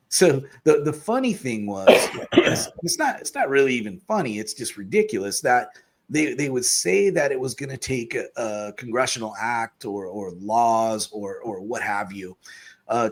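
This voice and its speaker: Male host, middle pitch, halting delivery with lots of fillers. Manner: halting, frequent fillers and restarts. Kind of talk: casual political talk.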